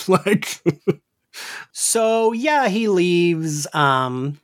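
A man's voice: high voice, very animated, unhurried. A man co-hosting a podcast in casual chat, rambling with lots of "like"s and frequent laughs. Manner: chatty, laughs often, rambling with many "like"s. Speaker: podcast co-host.

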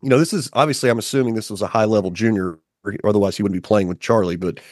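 A man chats as a podcast guest in a fairly low voice, and his story rushes along with plenty of "you know" fillers. The sound is dry and close, with no room echo. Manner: animated storyteller, many fillers. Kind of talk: casual conversation.

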